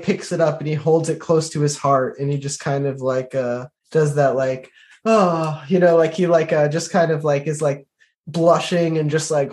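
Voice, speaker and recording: A man's voice: on the high side, darkish tone. A man playing a knight in a tabletop game, talking hesitantly with many fillers and restarts. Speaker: player. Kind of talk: tabletop role-play, describing his knight.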